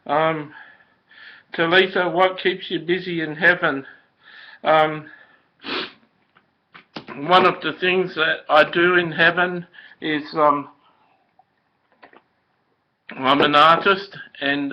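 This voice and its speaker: A man giving a gentle, emotional spoken message as if from his late sister, halting with many ums and uhs. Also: on the high side. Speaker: prophetic minister speaking as his late sister. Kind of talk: slow spoken channeled message. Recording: dull lo-fi recording.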